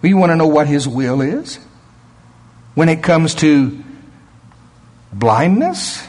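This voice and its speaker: A man's voice: a little high, big pitch swings, slow, long pauses, darkish tone. A man preaching a sermon, emphatic and chuckling often.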